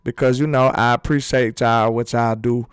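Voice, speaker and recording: A man's voice: mid-range voice, steady tone, normal speed, smooth, no echo, clean studio sound. A man hosting a sports channel in a casual live-stream chat, talking loosely and reading viewers' comments aloud.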